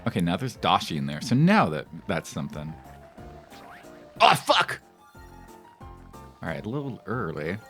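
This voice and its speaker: A man's voice: low-pitched, sing-song, quick pace, hardly any pauses, faint music behind. A man streaming a cooking game, chatting casually and making crude, rambling jokes with lots of fillers. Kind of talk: casual gameplay commentary.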